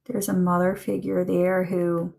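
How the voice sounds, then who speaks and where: A woman doing a live psychic reading for chat viewers, slow and musing, with many ums and trailing thoughts. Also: on the low side, flat delivery, vocal fry, background noise. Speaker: psychic medium.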